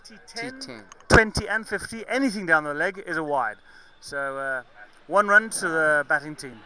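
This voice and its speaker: A man's voice: fairly high pitch, animated, moderate pace, sharp tone, a little hiss or hum, rough recording. A man from Zambia with a mixed southern African and English accent, giving chatty, jokey live cricket commentary. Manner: chatty, jokey, self-correcting.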